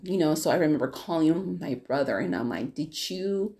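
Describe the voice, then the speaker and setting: Low gravelly woman, candid and rambling. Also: expressive, a little fast, dark tone. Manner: candid, rambling storytelling with many restarts. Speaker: podcast host. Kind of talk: personal podcast monologue.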